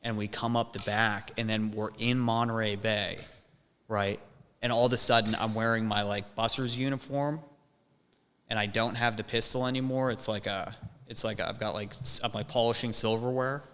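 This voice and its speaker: A young man with a bright, forceful voice tells a rambling story, swearing and restarting as he goes. His voice rings with a long hall reverb. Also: lowish voice, fairly even intonation, normal speed, slight background noise. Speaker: podcast host. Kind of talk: casual chat.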